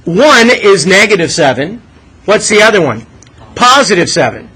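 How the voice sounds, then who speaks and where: A man's voice: high voice, big pitch swings, normal speed, bright, forceful tone, slightly rough, low-quality recording. A male math teacher leading a classroom lesson, coaxing students with questions and asking them to think aloud.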